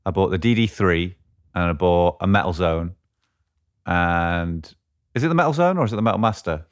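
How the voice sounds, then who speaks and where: Deep-voiced man chatting casually. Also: expressive, normal speed, smooth. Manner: chatty, thinks aloud, searches for words. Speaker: podcast co-host. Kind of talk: casual chat about guitar gear.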